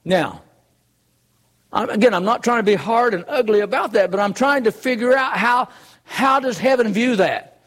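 A man's voice: high-pitched, moderate pace, a bit bright. A man preaching a sermon in an earnest, conversational way, full of rhetorical questions.

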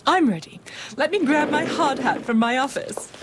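A woman playing a vain, bossy company manager in an audio drama, brisk and self-important. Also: sits high, lively intonation, background noise.

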